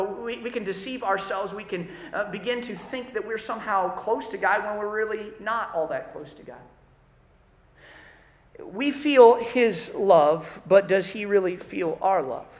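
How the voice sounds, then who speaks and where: A man's voice: high voice, a little slow. A man preaching a sermon to a church congregation in a conversational style, acting out the people he quotes. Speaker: pastor. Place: church worship service. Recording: roomy church hall.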